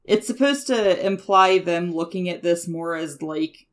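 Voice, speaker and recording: A co-host on a casual anime podcast, explaining what a scene is meant to imply. The talk is loose and easygoing, with many "like" fillers, and the voice sits at a middle pitch. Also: a little slow, a bit bright.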